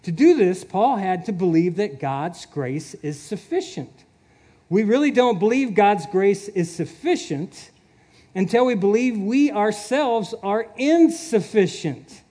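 A man's voice: sits high, animated, unhurried, dark tone. A man preaching a sermon in an earnest way, chuckling often and repeating his words.

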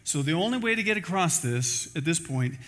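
Forceful male pastor preaching. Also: on the high side, animated, a little fast. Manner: storytelling, acting out quoted voices; ends in a spoken prayer. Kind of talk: sermon.

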